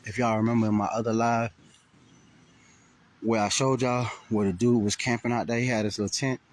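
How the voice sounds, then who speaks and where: A man's voice: mid-range voice, fairly even intonation, fairly quick, a little hiss or hum. A man telling a rambling, profane story on a casual outdoor livestream. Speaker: vlogger. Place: outdoors, riding around a graveyard.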